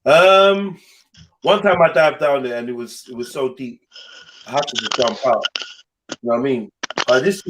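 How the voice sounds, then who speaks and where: This young podcast host has a mid-range voice and a moderate pace broken by long pauses. He tells a personal story in casual chat, animated, swearing freely and voicing the people in it.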